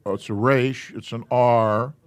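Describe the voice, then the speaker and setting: A man's voice: mid-range voice, steady tone, unhurried, clear, resonant tone, no echo. A man teaching a Hebrew alphabet class in a church classroom, patiently explaining letters and syllables step by step.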